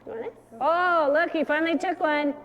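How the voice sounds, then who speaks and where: A woman's voice: high-pitched, fairly quick, dull audio. A woman dog trainer leading a hands-on class, giving direct instructions and coaxing the dogs in a sing-song. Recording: long hall reverb.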